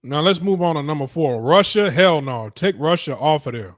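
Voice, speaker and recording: A man's voice: on the high side, a little fast, dry recording, studio quality. Blunt, profane man with a drawl. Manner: blunt, profane, animated and dismissive. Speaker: streaming talk show host. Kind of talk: casual reaction commentary.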